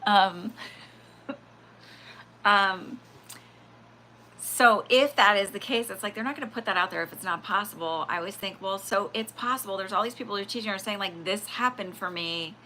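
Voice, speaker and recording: Bright-voiced woman chatting on a livestream. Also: medium pitch, normal speed, a little hiss or hum. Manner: rambling, animated, full of fillers and acted-out quotes. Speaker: livestream spiritual reader. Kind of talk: casual livestream chat.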